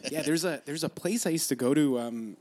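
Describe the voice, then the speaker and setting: A man's voice: fairly high pitch, a little fast, a little mellow. Rambling, easygoing man in casual chat. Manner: rambling storyteller, many restarts and fillers, laughs often. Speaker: podcast guest.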